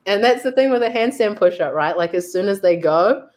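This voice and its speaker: A woman's voice: medium pitch, lively intonation, brisk, a little mellow. A young woman, a fitness coach telling a story in a casual, chatty way and acting out what she thought. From New Zealand. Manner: chatty, lots of "like" and acted-out self-quotes. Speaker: guest, fitness coach and athlete.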